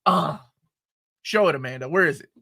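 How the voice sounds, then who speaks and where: A man co-hosting a casual movie review chat, excitable and jokey as he gushes over favorite scenes. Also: fairly high pitch, moderate pace, gravelly. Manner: excitable and jokey, quoting favorite lines with gusto.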